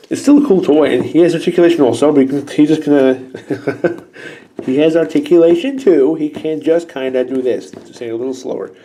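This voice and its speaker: Sarcastic, excitable toy-reviewing man. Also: mid-range voice. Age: 30s. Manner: excitable and sarcastic, talks to the toys.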